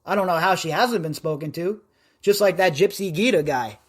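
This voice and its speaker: A man from Las Vegas hosting a podcast live stream, chatting in a rambling, loudmouthed way. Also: high voice, fairly quick. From Las Vegas, USA. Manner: rambling, self-described loudmouth. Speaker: podcast host. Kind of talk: casual live-stream chat.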